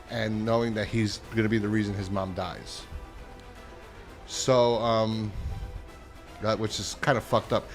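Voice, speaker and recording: A man giving a casual spoken movie review as a channel host, rambling and profane, getting worked up and incredulous. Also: lowish voice.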